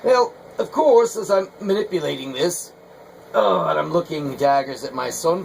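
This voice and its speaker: A man's voice: on the high side, moderate pace, creaky, a little mellow, a little hiss or hum, rough recording. A middle-aged man, a potter, talking casually and rambling with hesitant fillers. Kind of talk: casual vlog talk while working.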